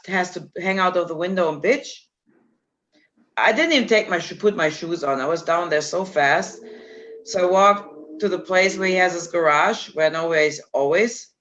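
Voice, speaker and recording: A woman's voice: on the low side, fairly bright tone. A woman in casual chat, telling a story bluntly and animatedly, laughing and swearing freely. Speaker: storyteller guest. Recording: dull lo-fi recording with faint hiss.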